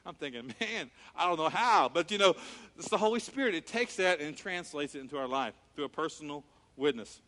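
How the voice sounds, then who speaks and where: A man preaching a sermon, animated, acting out scenes with quoted voices. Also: on the high side, brisk. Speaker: pastor. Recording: long reverb of a large hall.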